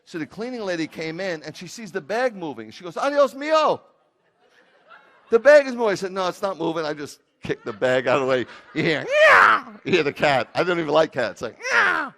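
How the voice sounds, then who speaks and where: A man's voice: a little high, fast, hardly any pauses. A man preaching a sermon as rabbi, telling funny stories with jokey asides. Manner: animated storytelling with jokey asides.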